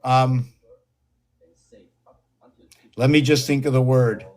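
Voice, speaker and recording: A man talking to his own video, meandering and thinking aloud with many ums and pauses. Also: mid-range voice, fairly even intonation, a little mellow. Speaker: video host. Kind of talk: rambling solo video talk.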